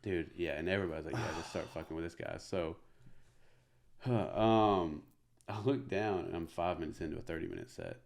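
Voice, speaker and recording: A man from Middle Tennessee, a comedian guest telling an animated story full of fillers. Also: low voice, a little fast, creaky. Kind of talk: casual storytelling.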